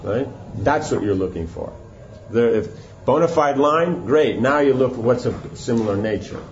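A man's voice: mid-range voice, expressive, normal speed, faint music behind. Male teacher for a casual scripture class; conversational, keeps asking "right?", slightly dull recording. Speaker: spiritual teacher.

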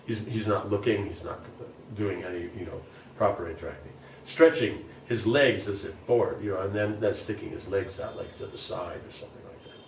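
A man whose voice leans low reads scripture a little fast, then talks through it informally with lots of fillers. There's a little hiss or hum, and the recording feels distant and roomy with faint ambience.

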